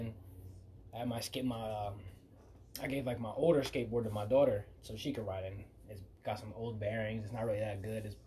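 A man hosting a podcast, telling loose, profane stories in a casual, animated way. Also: on the low side, a little hiss or hum. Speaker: podcast host.

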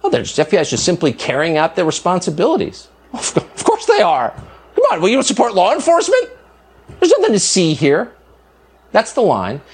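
Male TV pundit, husky and sarcastic, pitch swinging wildly from line to line, broadcast clip. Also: wildly swooping pitch, brisk. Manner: mocking, outraged rhetorical tone. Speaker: cable news host. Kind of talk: televised opinion monologue. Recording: broadcast clip played on a show.

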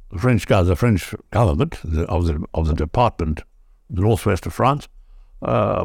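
A man recounts the past in an archive interview, measured and hesitant, often correcting himself. His fairly low voice rises and falls a lot. The sound is dry. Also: darkish tone, dry recording.

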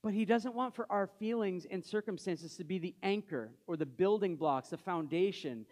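High-voiced conversational preacher man. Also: normal speed, a little mellow. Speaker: pastor. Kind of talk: sermon.

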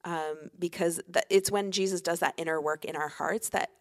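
A woman's voice: fairly low pitch, fairly even intonation, normal speed. A woman pastor, a guest on a faith podcast, talking earnestly and reflectively with frequent fillers.

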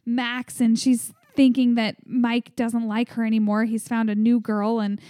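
A woman's voice: on the high side, flat delivery, measured pace, mellow, no room sound, clean studio sound. A woman co-hosting a podcast, chatting casually as she recaps an episode and acts out lines from the scenes. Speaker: podcast co-host.

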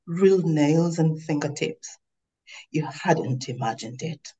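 A woman author reading aloud from her novel in a measured, literary way. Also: low voice, lively intonation, mellow, lo-fi sound.

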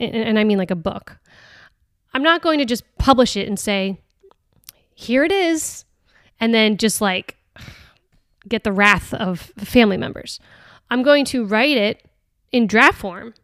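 A woman's voice: fairly high pitch, fairly bright tone, no echo, clean studio sound. A woman hosting a podcast, talking casually and earnestly about a book, hesitant, with many restarts and fillers. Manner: earnest and chatty. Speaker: podcast host. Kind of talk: casual reflective talk on a book.

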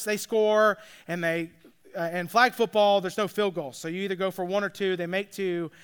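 Casually telling a story, this youth flag football coach and dad keeps checking in with his listeners, dropping "all right?" and "like" as he goes. He has a high-pitched voice that's pushed and bright yet smooth.

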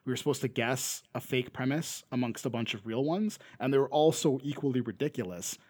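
A man's voice: mid-range voice, a little fast, darkish tone, husky, no echo. A young Canadian man with a Canadian accent, co-hosting a podcast in casual chat, rambling with lots of fillers and restarts. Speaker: podcast co-host.

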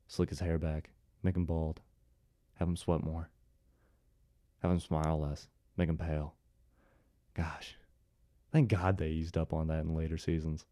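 A commentary host in his twenties from Ohio, USA, tells his viewers a story casually, tossing in jokey, sarcastic asides. His voice is low-pitched and warm, recorded with studio quality and no room sound.

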